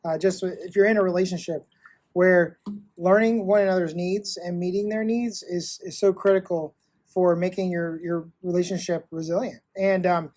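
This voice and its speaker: A male podcast host who thanks the guest and speaks to listeners in a measured way. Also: high voice, fairly even intonation, darkish tone. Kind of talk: interview host wrap-up.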